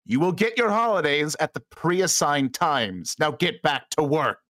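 A stern starship captain addresses his crew in a slow, pompous, commanding voice, as a man acts him out. He draws out each word over a lively melody, with a dry, close sound. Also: on the high side, no room sound, voice pushed up.

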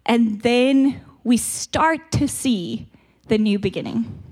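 Slow and a little high, with a darkish tone, a South African retreat speaker delivers conversational church teaching. She sounds congested, speaks candidly and chattily, and periodically laughs at herself.

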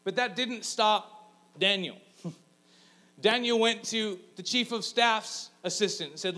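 A man gives a sermon in a relaxed, chatty way, joking as he goes. His voice sits a little high, and he breaks into voices for the people he talks about. A faint mains hum runs underneath. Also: takes it slowly. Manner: casual, joking storyteller who acts out voices. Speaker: pastor.

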